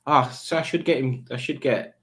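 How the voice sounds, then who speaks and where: Guy hosting a live stream, rambling and goofy, mid pitch. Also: moderate pace, a bit bright. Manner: rambling, playful, breaks into silly put-on voices. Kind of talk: casual live stream chat.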